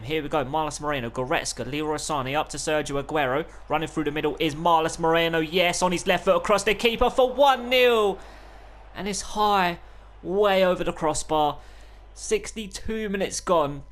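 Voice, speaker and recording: Excitable man commentating a football game. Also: a little high. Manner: excitable, swings between calm narration and loud outbursts. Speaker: gaming YouTuber. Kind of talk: live play-by-play commentary of a football video game.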